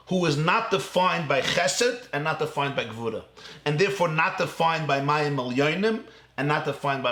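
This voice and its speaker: A rabbi giving a lively Torah lecture with an Ashkenazi Yeshivish accent, laughing often and acting out voices in dialogue. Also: male voice, on the high side, echoey room. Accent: Yeshivish, Ashkenazi Hebrew pronunciation.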